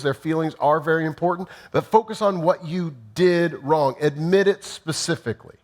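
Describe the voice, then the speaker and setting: A man preaching a sermon, teaching in numbered points and briefly acting out sample apologies. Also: a little high. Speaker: pastor.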